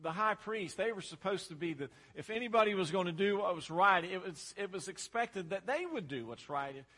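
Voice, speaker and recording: A man's voice: sits high, expressive, fairly quick, bright, forceful tone. A man preaching a sermon, talking emphatically and repeating himself for effect. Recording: long hall reverb.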